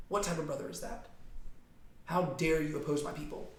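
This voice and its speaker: A man's voice: on the high side, brisk, long pauses. A man teaching a casual Bible study to a small group, talking conversationally and often checking in with "right?". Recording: echoey room.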